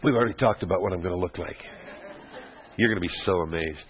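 Speaking low and fast, an older man preaches as pastor, working through scripture in an expository sermon. He mixes in joking, conversational asides for the congregation, and the audio comes through as a lo-fi, phone-like radio broadcast.

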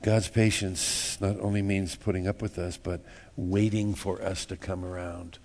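This pastor's voice sits low, with a level tone and a darkish quality, and he takes his time. Preaching in church, he jokes in a folksy way, repeats words, and acts out everyday moments.

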